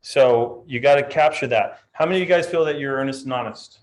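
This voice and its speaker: A man leading a live real estate training session, talking in a lively way and acting out client voices. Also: mid-range voice, fairly quick.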